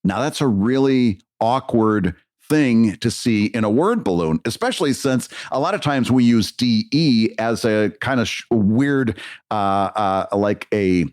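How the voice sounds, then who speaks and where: A man's voice: medium pitch, expressive, unhurried, a little mellow, no room sound, studio quality. A man co-hosting a casual podcast, explaining comic lettering with frequent stammered restarts. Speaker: podcast co-host, comic creator.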